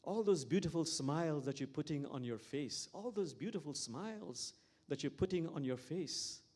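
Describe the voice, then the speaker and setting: Reflective imam telling stories. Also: male voice, on the high side, expressive, moderate pace, a little mellow. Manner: reflective, repeats key phrases. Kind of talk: sermon with storytelling.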